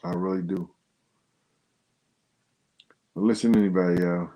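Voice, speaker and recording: Over dull audio, a livestream host chats casually with his viewers in slang, at a moderate pace and with fairly even intonation. Once he's worked up, his pitch jumps up sharply.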